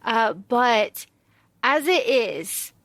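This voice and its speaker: A young woman co-hosts a casual book podcast with a high voice. She talks bluntly and swears freely. Her voice is recorded close and dry, with no room sound. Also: expressive, drawn-out words, a bit bright, no room sound. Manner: blunt, swears freely, acts out characters mockingly. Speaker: podcast co-host.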